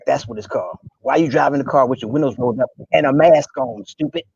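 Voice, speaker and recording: A man's voice: mid-range voice, fast talker, vocal fry, a little mellow, slightly rough, no room sound, dull audio. A man playing a boastful male hip hop artist who brags about his songs with brash swagger. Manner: brash self-promoting swagger.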